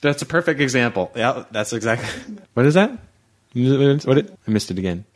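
A man's voice: medium pitch, expressive, moderate pace. A man chatting casually as a podcast guest, joking and laughing often.

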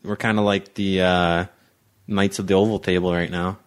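A man's voice: deep voice, level tone, moderate pace, smooth. A man chatting casually as a podcast guest, joking and laughing often.

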